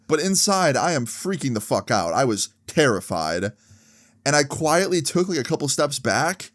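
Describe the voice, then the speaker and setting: Young guy in his twenties, lively storyteller, pitch jumps around, curses casually. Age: early 20s. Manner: animated, swearing, lots of "like" fillers. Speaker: vlogger. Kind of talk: storytime narration.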